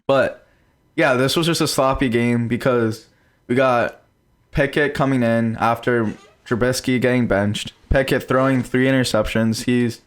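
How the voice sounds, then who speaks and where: Smooth-voiced young man in fast sports chat. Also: mid-range voice. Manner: fast, animated, rambling. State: hiccuping. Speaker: podcast co-host.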